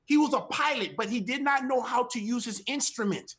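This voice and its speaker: A middle-aged man speaks from home as a guest on a ministry talk show, his voice extremely high-pitched, brisk, and a bit bright. He delivers an impassioned testimony with an emphatic, repetitive, preacherly cadence.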